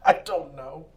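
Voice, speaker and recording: A man co-hosting a comedy podcast, talking in crude, rambling banter and laughing often. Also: on the high side. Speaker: podcast co-host.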